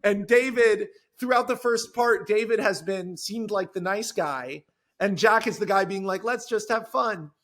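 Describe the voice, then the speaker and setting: A man with a notably high speaking voice talks as a guest on a podcast. He recounts his own script in an eager rush, tripping over restarts and circling back mid-sentence. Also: fairly bright tone. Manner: fast, enthusiastic storytelling with many restarts. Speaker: screenwriter guest. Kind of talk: podcast conversation.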